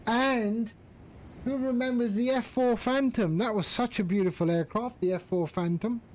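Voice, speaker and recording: A man's voice: very high-pitched, steady tone, normal speed, darkish tone, rough recording. A man chatting casually on a live stream, greeting viewers by name while he flies. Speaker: flight-sim streamer.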